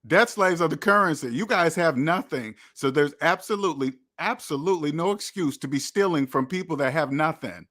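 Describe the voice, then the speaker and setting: A man with a fairly high, bright voice delivers a motivational money monologue. He lectures his viewers in a preachy, repetitive way. Now and then he acts out imagined quotes. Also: a little fast, few pauses. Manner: preachy, repetitive, addresses viewers as debt slaves. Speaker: money channel host.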